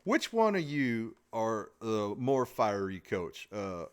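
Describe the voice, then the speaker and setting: A man's voice: fairly low pitch, sing-song, slow pace, clean tone. A man hosting a podcast, chatting casually and joking with his guest. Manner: joking, folksy, lots of restarts. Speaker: podcast host. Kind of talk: casual interview chat.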